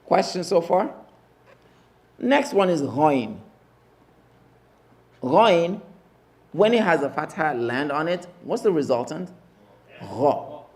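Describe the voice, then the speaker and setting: Male Arabic teacher, slightly high voice, slow and patient, drills sounds by repetition. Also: sing-song. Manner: slow, repeats drills emphatically. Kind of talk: classroom lesson. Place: mosque classroom.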